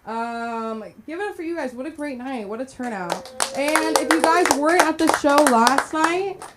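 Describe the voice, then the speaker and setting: A woman's voice: high voice, normal speed, background noise. Giggly woman rambling at an open mic. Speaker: stand-up comic. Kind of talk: open-mic stand-up set. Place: comedy club stage.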